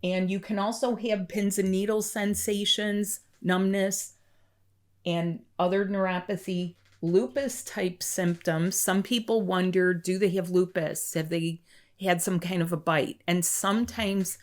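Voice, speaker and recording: A woman energy healer speaking straight to the listener, asking a string of questions in a calm, measured way. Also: mid-range voice. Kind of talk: direct-to-camera wellness talk.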